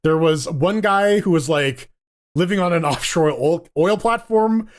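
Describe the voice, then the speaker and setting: With a high-pitched voice and a measured pace, a podcast co-host chats casually about gaming news. He rambles, often restarts his sentences, and swears casually.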